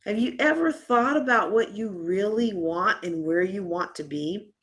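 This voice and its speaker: Her voice is medium in pitch and her pace a little slow as this woman leads a live workshop at a conference. She talks to the audience in a lively, conversational way.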